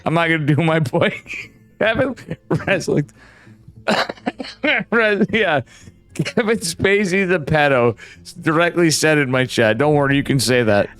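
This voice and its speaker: A man's voice: on the high side, unhurried, fairly bright tone. A tipsy man hosting a game stream, rambling through casual banter with lots of swearing. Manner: rambling, swearing, laughing often.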